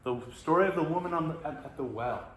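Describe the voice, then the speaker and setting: A man's voice: a little high, animated, fast. Man giving a reflective Bible talk. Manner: reflective, hesitant phrasing with many fillers. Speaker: Bible teacher. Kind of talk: teaching talk. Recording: roomy echo, faint noise.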